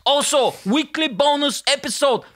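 A young man hosting a podcast, loud and laughing often, swearing freely in casual chat. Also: extremely high pitch, moderate pace. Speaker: podcast host.

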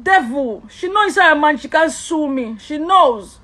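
A woman's voice: high-pitched, lively intonation, normal speed, fairly bright tone. A woman with a Nigerian accent delivering an impassioned, accusatory vlog rant, swinging between tears and laughter.

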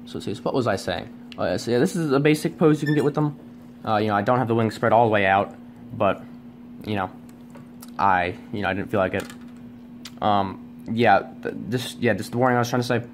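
A man reviews a toy at home in front of a tripod-mounted camera, his lowish voice fairly quick yet broken by long pauses. It's a casual, unscripted ramble, self-deprecating and heavy with fillers and restarts. A little background noise is audible.

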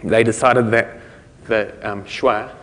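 Giving a conference talk, this New Zealander speaks slowly in a fairly low, steady, fairly bright voice. He drifts along with many fillers, restarts and chuckles, and the lecture hall recording carries long reverb.

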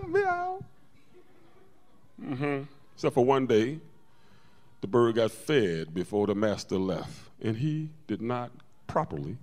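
A man preaching a lively sermon to his congregation, telling stories and calling out to the room. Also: medium pitch. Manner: animated preaching, storytelling with call-outs to the congregation. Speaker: pastor.

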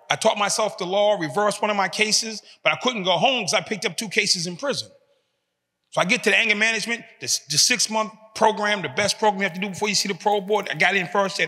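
A man in his fifties gives a motivational talk in a big reverberant hall. His voice sits high and sounds bright and forceful. He tells his story in animated street talk and acts out the other people's voices. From United States. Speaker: motivational speaker. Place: large hall in a prison.

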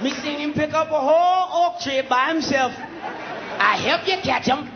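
A man's voice: very high voice, normal speed, roomy sound, dull audio, a crowd in the background, background noise, pitched above the performer's own voice. A male comedian voicing a frail, scheming African man who speaks in broken pidgin English and points others out to slave traders. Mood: sly pleading.

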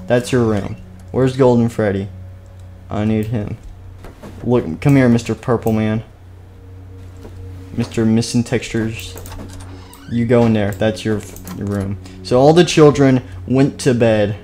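With soft background music behind him, a young male streamer narrates a game role-play through a desk mic in a rambling, goofy way, frequently interrupting himself. He speaks unhurriedly with long pauses, in a mid-range, dark-toned voice with fairly even intonation.

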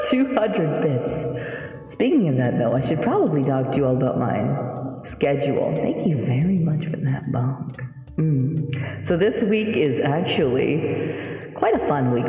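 Giggly low-voiced woman streamer. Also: lively intonation, measured pace, dark tone. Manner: giggly, playful, thanks chat for bits. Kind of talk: casual live-stream chat. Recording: echoey with long reverb, background music.

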